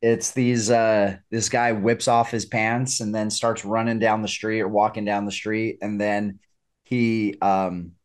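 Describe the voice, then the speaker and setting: Friendly and chatty, a man hosts a podcast and asks questions in a casual interview. His voice is lowish, with a flat delivery and a slightly slow pace.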